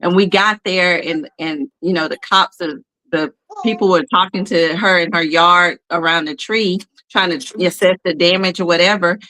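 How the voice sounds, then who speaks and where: A woman with a bright, forceful voice tells family stories on a podcast. She is animated, jumping into little impressions of crying and scolding. It is easygoing, chatty storytelling. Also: fairly low pitch, moderate pace, hardly any pauses, poor audio. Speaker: parent telling family stories. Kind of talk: casual podcast chat.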